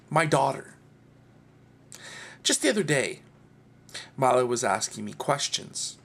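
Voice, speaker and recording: A man's voice: mid-range voice, sing-song, unhurried, vocal fry, long pauses, a bit bright. A man talking earnestly and heartfelt to camera in a personal vlog. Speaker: video blogger.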